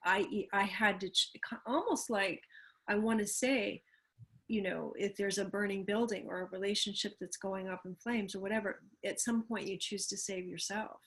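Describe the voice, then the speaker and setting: Female guest, husky and breathy, earnest, reflective, unhurried pauses. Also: mid-range voice, steady tone, a bit bright. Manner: earnest, thoughtful, pauses with fillers. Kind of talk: reflective conversation.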